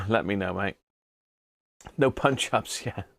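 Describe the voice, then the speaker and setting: Gravelly British man chatting on a live stream. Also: on the low side, big pitch swings, takes it slowly, a bit bright, no echo, studio quality. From Britain. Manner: chatty, greets viewers by name, chuckles often. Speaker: live-stream host, radio restorer. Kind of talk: casual live-stream chat.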